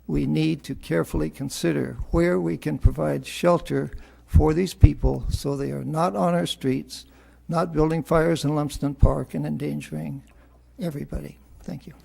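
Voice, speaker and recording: A man with a deeply gravelly, husky voice addressing a city council. His tone is dark and mellow, and he speaks in a formal, measured way. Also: steady tone. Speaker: resident giving public comment. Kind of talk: formal public comment. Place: council chamber.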